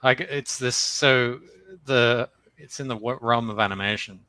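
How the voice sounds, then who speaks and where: A man's voice: measured pace, no room sound. A man in casual podcast chat, ranting animatedly with lots of swearing. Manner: animated, swearing, jumps into mocking high voices when quoting. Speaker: podcast co-host.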